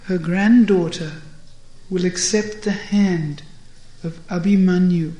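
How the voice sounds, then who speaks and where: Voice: mid-range voice, steady tone, slow pace, warm tone, muffled recording, close to an everyday voice. A reader voicing a teasing, wise elderly woman. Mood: playful. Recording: roomy echo.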